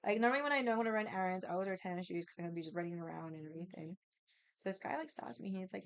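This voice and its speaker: A woman's voice: on the low side, rapid-fire, clean tone, no echo. Chatty woman. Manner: chatty, rambling, lots of "like" fillers. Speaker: vlogger. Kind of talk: casual storytelling chat.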